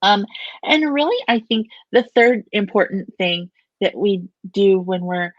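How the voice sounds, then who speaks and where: A woman therapist giving measured, explanatory answers in an interview, often pausing with fillers. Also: mid-range voice, lively intonation, dry recording, muffled recording. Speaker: family therapist and play therapist.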